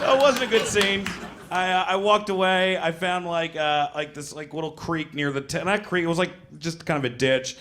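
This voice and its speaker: Stand-up comic, thirties, loose rambling delivery, slightly high voice. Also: male voice, fairly quick, a bit bright, slight background noise. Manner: rambling storytelling with many fillers and voiced characters. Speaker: stand-up comedian. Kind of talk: stand-up comedy set.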